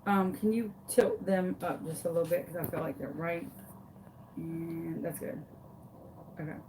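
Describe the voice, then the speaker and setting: A woman, hosting a craft tutorial and telling a story to her viewers in a dramatic, animated, casual way. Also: fairly low pitch, a little slow, background noise.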